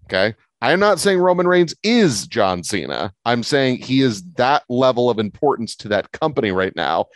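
On a casual wrestling podcast, this co-host speaks at a normal speed, pushing his views in an emphatic, argumentative way with lively swings in pitch. The recording has no room sound.

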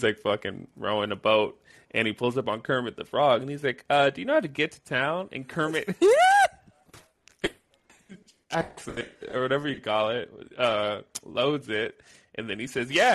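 Gravelly low-voiced man, laughing often. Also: a bit bright, dry recording. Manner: laughs often, recaps scenes loosely. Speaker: podcast co-host. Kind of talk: casual chat.

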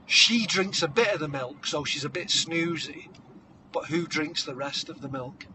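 A man telling a comic story, acting scenes out with shouted voices. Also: a little high, moderate pace, background noise. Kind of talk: comedic improvised storytelling.

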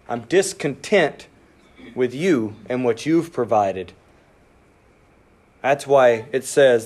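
A pastor preaches an animated sermon, acting out inner voices, speeding up, then dropping his voice low, nearly to a whisper, for emphasis.

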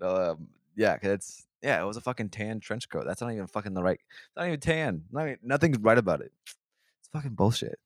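A man with a fairly low voice tells a long, rambling story in a loose podcast chat. He swears constantly. The sound is dry and close, with no room echo. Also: lively intonation, a little fast. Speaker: podcast host. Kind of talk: casual chat.

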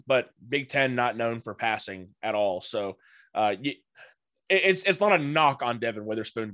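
Male podcast co-host of medium pitch, analytical and halting, recorded dry. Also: a bit bright, dry recording. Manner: analytical, hesitant, many filler words. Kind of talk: casual podcast chat.

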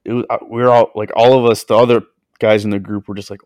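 A young man with a low, deep voice tells a story on a casual podcast. He rambles along with plenty of filler words and acts out the quotes, and his sound is dry and close. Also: little pitch movement, fast talker, a little mellow, no echo. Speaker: podcast co-host.

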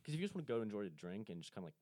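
A man's voice: fairly low pitch, big pitch swings, rapid-fire, mellow, no room sound. A young man co-hosting a casual podcast in a studio, hesitant and self-deprecating as he talks about his comedy. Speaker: podcast co-host, amateur comedian. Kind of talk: casual chat.

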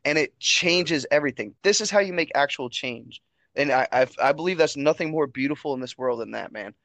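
A man hosting a casual podcast chat, swearing a lot and telling stories with animated energy. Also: a little high, fairly quick, dry recording. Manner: heavy swearing, animated storytelling. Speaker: podcast host.

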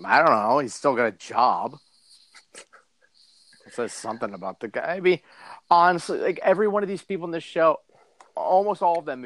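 A man's voice: mid-range voice, a bit bright, no echo. A man co-hosting a podcast, riffing in casual chat with rambling, profane jokes. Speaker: podcast co-host. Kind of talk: casual chat about fight news.

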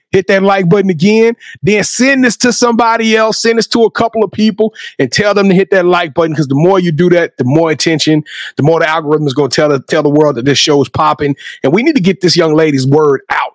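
Brief: male podcast host with a high voice, effusive slangy hype talk, dry close sound. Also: no room sound. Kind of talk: casual hype chat.

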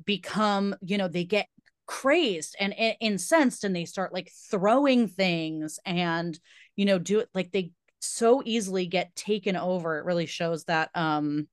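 Woman podcast co-host, low-ish voice, dry close mic, rambling and emphatic delivery. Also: a little slow, no room sound. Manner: rambling, emphatic, many fillers. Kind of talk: casual chat.

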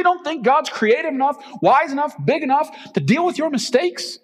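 A man's voice: very high voice, very animated, a little slow. A male pastor giving a conversational, emphatic sermon full of rhetorical questions. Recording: reverberant hall.

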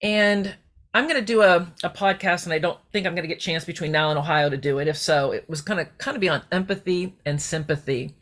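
A middle-aged woman hosts a faith-based personal podcast, speaking in a heartfelt, rambling way that drifts into tangents and restarts. Her voice is fairly low, brisk and a bit bright.

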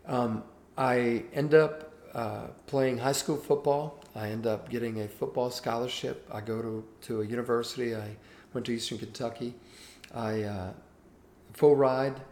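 A man's voice: medium pitch, a little slow. A man in his sixties, originally from Cuba and with no accent, earnestly telling stories from his life as an interview guest. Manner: earnest, animated anecdote telling. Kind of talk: interview storytelling. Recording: roomy echo with faint background hiss.

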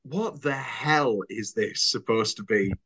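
A man's voice: medium pitch, slow pace, fairly bright tone, breathy edge. A man co-hosting a podcast in casual, joking chat, laughing often. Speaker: podcast co-host.

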